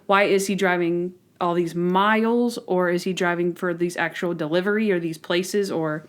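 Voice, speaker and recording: A woman co-hosting a podcast, chatting casually and retelling scenes in an animated way. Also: on the low side, moderate pace, clean tone. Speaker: podcast co-host. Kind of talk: casual chat.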